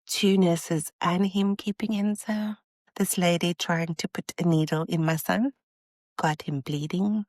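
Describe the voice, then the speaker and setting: A woman in her thirties, a podcast host and mother, retelling a hard hospital day in a casual, animated and exasperated way. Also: on the low side, unhurried, no echo. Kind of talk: casual storytelling.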